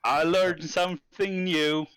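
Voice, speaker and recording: A man playing in a tabletop game, chatting casually in an excitable, enthusiastic way. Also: sits high, slow pace, slight background noise. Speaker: player. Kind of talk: casual gaming chat.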